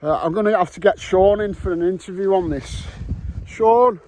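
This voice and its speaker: A man's voice: sits high, a little fast, dark tone. A man filming his metal detecting vlog outdoors on a windy island, joking, bantering and swearing as he goes. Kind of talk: casual vlog commentary. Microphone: camera mic with wind muff.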